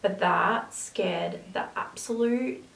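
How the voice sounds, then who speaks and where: A woman's voice: medium pitch, takes it slowly, gravelly, a bit bright. A woman talks unhurriedly through her makeup routine, drifting into chatty asides. She sits back from the camera mic, so her voice sounds distant in an echoey room with a faint hiss underneath. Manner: chatty, rambling asides while working. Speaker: makeup vlogger. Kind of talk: casual makeup tutorial chat.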